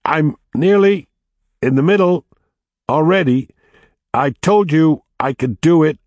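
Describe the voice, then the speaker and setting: A man's voice: big pitch swings, very slow, a little mellow, no echo, muffled recording, heavily acted. A man voicing a reckless, boastful young brother who taunts and turns everything into a competition. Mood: taunting. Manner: teasing, boastful, rising to shrill panic.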